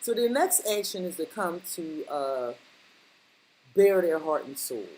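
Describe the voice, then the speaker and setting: Her voice is fairly low and darkish, swinging widely in pitch as she speaks a little slowly. She's a tarot reader addressing the viewer directly, casual and blunt, using slang and repeating points for emphasis, in a rough recording.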